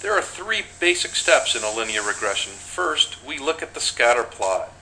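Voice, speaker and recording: A man giving a measured, step-by-step recorded lesson, pointing through charts as he explains. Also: mid-range voice, very animated, sharp tone, a little hiss or hum, rough recording. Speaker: instructor. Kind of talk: screen-recorded lecture.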